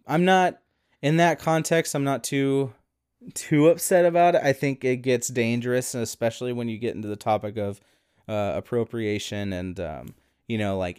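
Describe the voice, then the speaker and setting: Smooth-voiced man chatting with easy laughs. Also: fairly low pitch, a little mellow, no echo, clean studio sound. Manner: laughs often, rambling with many fillers. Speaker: podcast co-host. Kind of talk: casual chat.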